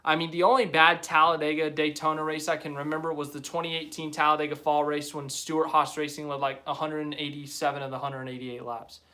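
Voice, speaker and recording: A man's voice: fairly high pitch, little pitch movement, a little fast, few pauses, sharp tone. A young man hosting a live stream, chatting casually and rambling as he reads viewer comments aloud. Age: young adult.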